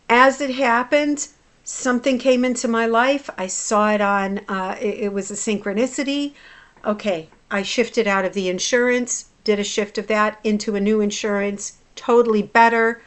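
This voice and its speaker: A woman in her forties, a hypnotherapist, telling a personal story in a vlog, blunt and profane, dropping to low mutters and then flaring into loud outbursts. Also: steady tone, moderate pace.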